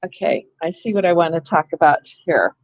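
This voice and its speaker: A woman's voice: low voice, animated, a little fast, no echo, rough recording. A woman training teachers in a hands-on reading workshop, explaining step by step and thinking aloud. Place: school room.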